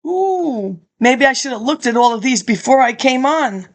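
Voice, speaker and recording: A high-voiced woman reads a speech from archive documents aloud, expressive and at a moderate pace. She drifts into rambling, chatty asides and offhand commentary, laughing and clearing her throat often.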